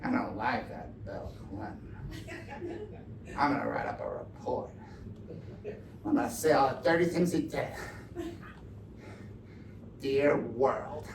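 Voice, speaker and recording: Guy doing a muttering holier-than-thou lawyer, low and quiet, live show noise. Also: wildly swooping pitch, slow, gravelly, long pauses, full character voice. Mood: prim, scheming. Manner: low muttering, prim and self-righteous. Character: sanctimonious prosecutor man, low and hushed. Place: live comedy stage. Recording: echoey live room from far off.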